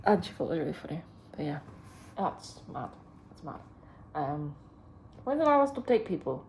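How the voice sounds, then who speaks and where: A woman's voice: on the low side, dark tone. A woman vlogging from a hotel room, rambling chattily with plenty of fillers. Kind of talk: casual chat to camera.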